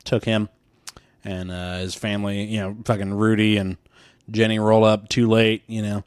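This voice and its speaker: A man's voice: fairly low pitch, level tone, moderate pace, clear, resonant tone, no room sound, clean studio sound. A young man co-hosting a podcast, recapping a film in casual, profane chat full of laughs and tangents. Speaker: podcast co-host. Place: room with many windows.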